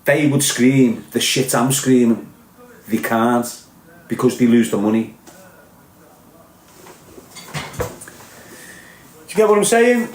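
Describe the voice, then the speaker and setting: A man with a Liverpool accent delivers a blunt, sweary, impassioned rant as a podcast host's monologue. His voice is medium-pitched and sounds reverberant.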